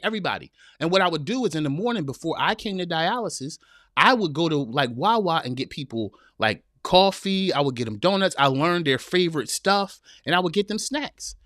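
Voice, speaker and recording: A man with a slightly high voice gives a heartfelt motivational talk to his listeners. He is folksy and repeats himself for emphasis, calling his audience y'all. The sound is dry and close, with no room around it. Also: fairly bright tone, no room sound. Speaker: podcast host.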